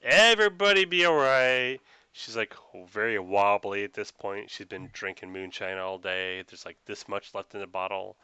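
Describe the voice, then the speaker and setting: A man's voice: deep voice, completely flat delivery, moderate pace, hardly any pauses, pushed and bright, smooth, no room sound. A man narrating a tabletop game as game master, with casual, self-deprecating asides.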